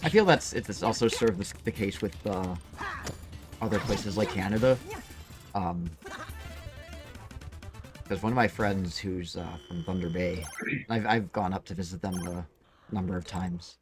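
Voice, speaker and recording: Midwestern guy rambling on a game stream, kinda low voice, game music going loud behind him. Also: measured pace, long pauses. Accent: Midwestern American. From American Midwest. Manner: rambling, lots of fillers like "like" and "uh". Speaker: streamer and co-host. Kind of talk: casual chat during a game stream.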